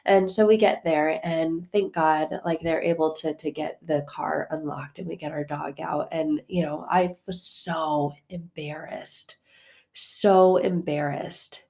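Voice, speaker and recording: A woman with a fairly low voice tells a personal story in a loose, chatty way. She fills her talk with fillers and jumps between hushed asides and loud, excited bursts. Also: moderate pace, vocal fry, few pauses. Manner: animated, swings from hushed to loud, lots of fillers. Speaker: podcast host. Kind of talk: casual storytelling.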